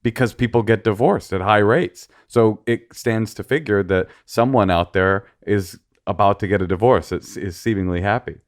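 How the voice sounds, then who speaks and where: A man with a slight lisp co-hosting a podcast, chatting casually with quick jokes and rambling asides. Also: lowish voice. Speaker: podcast co-host. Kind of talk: casual chat.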